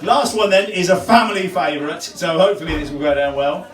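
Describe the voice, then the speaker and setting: A man's voice: on the high side, fairly quick. A man telling jokes on stage at a variety night, chuckling at his own punchlines. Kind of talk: stand-up joke telling. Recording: echoey room from far off.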